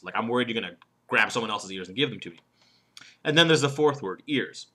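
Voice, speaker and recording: A man's voice: mid-range voice, lively intonation, fast talker, pushed and bright. A man, a professional speaker and humorist, giving an instructional talk on delivery, leaning hard on key words and checking in with the listener. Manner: emphatic, stresses single words to demonstrate; conversational, checks in with "okay?".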